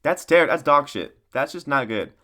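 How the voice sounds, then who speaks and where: A man's voice: fairly high pitch, expressive, normal speed, pushed and bright. A man giving a casual, profane sports recap rant in a rambling, mocking way, often laughing at his own jokes. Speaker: sports commentator.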